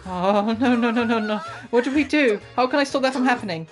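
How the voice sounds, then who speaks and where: A woman's voice: brisk, soft background music, lightly acted. A woman voicing a cheerful, eager teenage alchemist girl in a game, reading her lines aloud. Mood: panicked. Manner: bright, excitable, squeaky when panicked.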